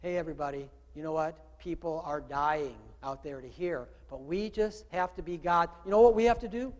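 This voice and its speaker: A man, the pastor, giving a conversational sermon, asking his congregation questions and swinging from quiet talk to loud calls. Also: on the high side, moderate pace, long reverb tail. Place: church room with a congregation.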